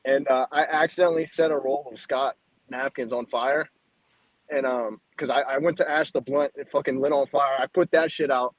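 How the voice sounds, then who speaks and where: A man's voice: mid-range voice, fairly even intonation, moderate pace, muffled recording. A man on a casual talk show, telling crude stories in a laid-back, joking way. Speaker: guest. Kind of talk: casual chat.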